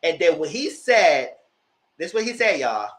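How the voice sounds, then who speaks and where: A man giving a chatty, animated recap of a TV show, talking straight to his viewers. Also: fairly high pitch, moderate pace. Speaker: vlogger recapping a reality show. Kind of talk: casual commentary. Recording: roomy echo.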